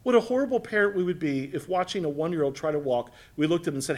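A male pastor with a high voice preaches a sermon in a church. He is earnest, pressing points hard and loud, then pulling back into soft, close asides to the congregation. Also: quick pace.

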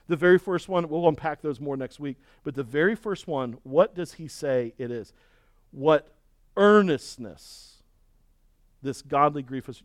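A man's voice: mid-range voice, dry recording, clean studio sound. A man preaching a sermon as pastor, emphatic and folksy, leaning on rhetorical questions and repeated words.

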